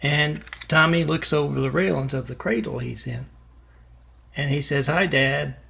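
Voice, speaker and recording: Rambling comic storyteller, male, gravelly voice, muffled lo-fi recording. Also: a little high, normal speed. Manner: rambling, with fillers and asides. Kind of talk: telling absurd comic tales. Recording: muffled with faint hiss.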